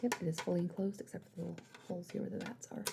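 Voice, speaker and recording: A woman voicing an attentive female party planner in a whispered role-play, softly reassuring as she shows decorations. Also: on the low side, very fast, gravelly, very noisy. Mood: gentle. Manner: soft, reassuring sales talk.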